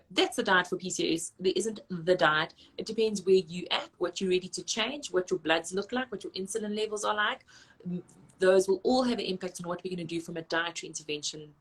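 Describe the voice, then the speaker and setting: A woman dietitian, giving brisk, practical advice in lists during a live online Q&A. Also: on the low side, breathy edge. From South Africa. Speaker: registered dietitian.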